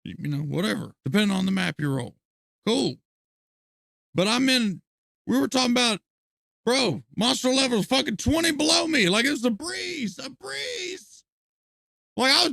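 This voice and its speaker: Male game streamer, high and gravelly voice, profane animated rants, dry close sound. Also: normal speed, dry recording. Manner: profane, animated ranting with frequent laughs. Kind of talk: live gameplay commentary and ranting.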